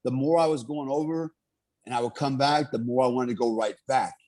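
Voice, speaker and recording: A man's voice: mid-range voice, a little fast, mellow. Rambling middle-aged veteran man. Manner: rambling, many fillers, earnest. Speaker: military veteran guest. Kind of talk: casual interview storytelling.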